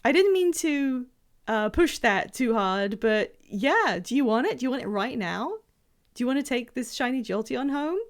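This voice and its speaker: A young woman live-streams a game and chats casually with her viewers. Her voice sits a bit higher than most. She rambles playfully with fillers and laughs often. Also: expressive, normal speed. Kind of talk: casual live-stream chat while gaming.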